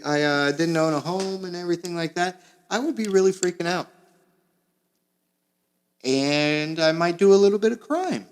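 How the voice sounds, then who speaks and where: A young man from Florida rambles through a crude, sarcastic comedy monologue, his voice sitting a little higher than most men's. He drops to mumbled asides, then jumps into loud outbursts. He records in a small makeshift space at home. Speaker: podcast host.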